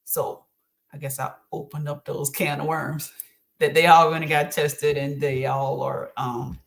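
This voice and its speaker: In a deep, level voice with vocal fry, a middle-aged woman takes her time as a guest on her child's podcast. Their relaxed chat centers on faith and encouragement, which she discusses earnestly with many ums.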